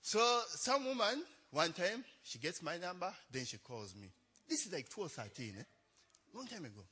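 Young adult male pastor, lively pitch, higher voice, chatty storyteller. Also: normal speed, husky. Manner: chatty, laughing, tags lines with "eh?". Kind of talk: storytelling sermon.

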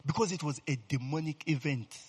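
A man preaching a sermon in a lively, animated way, often checking in with his listeners by asking if they understand. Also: on the high side, a little fast, husky, in a large hall. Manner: animated, repeatedly asks "you understand, eh?".

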